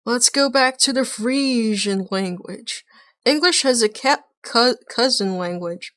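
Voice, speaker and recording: A woman's voice: on the high side, slow, a bit bright, dry recording, clean studio sound. A woman streaming a reaction to a video, chatting casually in a rambling, blunt way and swearing now and then.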